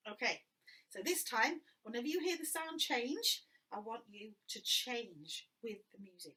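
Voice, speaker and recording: A woman's voice: fairly high pitch, lively intonation, measured pace, sharp tone, far from the mic. A woman in her fifties teaching a music lesson to young children, playful and encouraging as she talks straight to them. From England.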